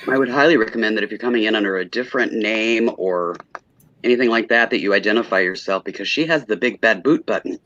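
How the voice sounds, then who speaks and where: A man's voice: fairly low pitch, fast, a bit bright, no room sound. Joking chat regular, man, dull muffled line. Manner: joking, teasing. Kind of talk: casual chat.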